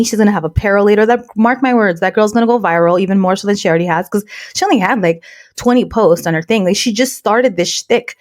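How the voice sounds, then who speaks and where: A woman co-hosts a podcast, chatting casually and telling stories with animation in Latina American English, sprinkling in Spanish words. Her voice is medium-pitched and a little mellow.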